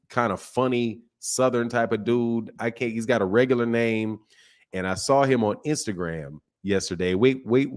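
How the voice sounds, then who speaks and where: A middle-aged man hosting a boxing live stream, chatting casually with viewers while he keeps his slightly strained voice soft. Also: fairly low pitch. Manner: greets chat viewers by name, loose and joking. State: slightly strained voice, speaking softly. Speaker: boxing channel host.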